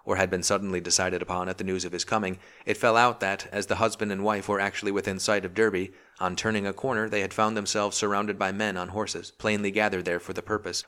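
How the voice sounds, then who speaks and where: A man reads a historical novel aloud, calm and measured. His voice sits very low. The narration is even and unhurried, for a long listen. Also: smooth. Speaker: audiobook narrator. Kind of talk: scripted narration.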